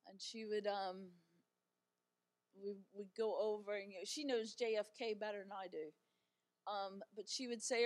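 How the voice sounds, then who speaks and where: A woman's voice: on the high side, steady tone, normal speed. A middle-aged woman giving an encouraging talk as a guest speaker, telling stories in a chatty way with fillers and light humor.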